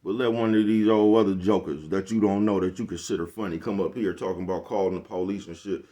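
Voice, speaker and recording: A man's voice: deep voice, fairly even intonation, fast, mellow. A man vlogging a casual, rambling monologue, blunt and profane, forever checking "you know what I'm talking about.". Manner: blunt, profane street slang.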